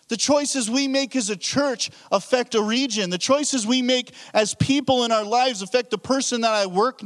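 A pastor preaching a sermon, telling a story and acting out his own thoughts. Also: high voice. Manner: animated storytelling with acted-out inner thoughts.

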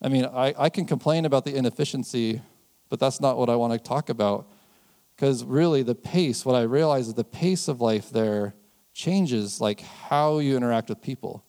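A man in his fifties giving a conversational sermon, telling personal stories in a relaxed, anecdotal way. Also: mid-range voice, moderate pace. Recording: long hall reverb.

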